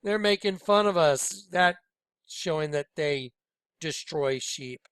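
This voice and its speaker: A man's voice: fairly high pitch, slow pace, smooth, no echo. Urgent preachy man with a dry voice. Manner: urgent, preachy, jumps between loud and hushed. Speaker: video host. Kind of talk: conspiratorial commentary on images.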